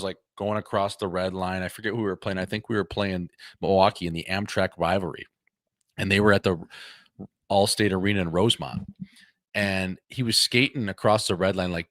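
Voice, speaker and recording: A man co-hosting a hockey podcast, telling casual, animated stories about his pro career and swearing freely. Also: on the low side, no room sound, clean studio sound. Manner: animated anecdotes with quoted voices, swears freely. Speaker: podcast co-host, former pro hockey player. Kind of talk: casual chat, storytelling.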